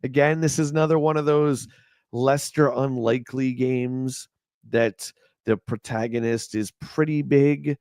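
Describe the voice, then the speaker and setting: A man's voice: mid-range voice, steady tone, measured pace, a little mellow, no echo, clean studio sound. A man hosting a casual livestream, reading old magazine reviews aloud with wry, joking asides and chatting back to his viewers. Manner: chats back to a live chat. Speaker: livestream host.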